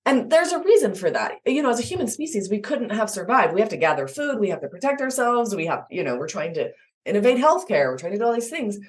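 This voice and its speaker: A woman guest expert explaining attachment in an interview, animated and acting out little examples. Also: mid-range voice, fast talker. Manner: animated, acts out examples in voices.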